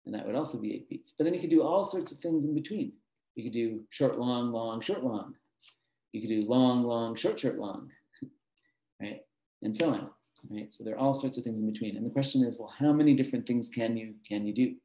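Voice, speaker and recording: Quick-paced yet mellow, this medium-pitched male voice belongs to a mathematician teaching a master class. He's patient in his explanations, uses frequent fillers and little laughs, and sounds roomy and echoey.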